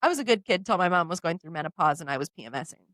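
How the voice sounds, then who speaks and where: A woman's voice: on the low side, rapid-fire, dry recording. A woman, co-hosting a podcast in casual chat and acting out the voices in her stories. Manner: animated storyteller, acts out quoted voices. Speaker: podcast co-host.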